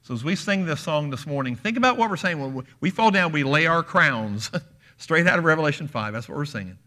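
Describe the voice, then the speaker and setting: A man's voice: fairly high pitch, lively intonation, brisk, sharp tone. A man preaching a sermon in a church, earnest and emphatic, often asking his listeners questions. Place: church sanctuary.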